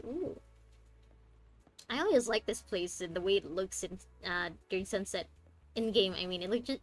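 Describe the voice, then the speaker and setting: A young woman streaming a game, chatting in a joking, rambling way that often breaks off mid-sentence. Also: mid-range voice. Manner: chatty, joking, self-interrupting. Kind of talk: casual gaming commentary. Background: faint game music.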